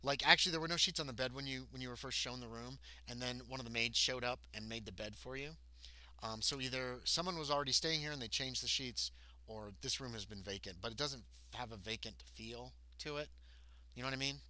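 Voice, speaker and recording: A male game master narrates a tabletop role-playing session, rambling along and correcting himself as he goes. His voice is very bright and crisp at a middle pitch, and the sound is close and dry. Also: a little fast, no room sound. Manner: rambling narration with many ums and self-corrections.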